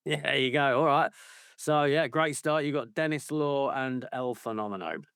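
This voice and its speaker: A man's voice: mid-range voice, moderate pace, fairly bright tone, clean tone, no echo, studio quality. A man co-hosting a football podcast, ranting in a casual, sweary way and slipping into mocking voices. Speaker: podcast co-host.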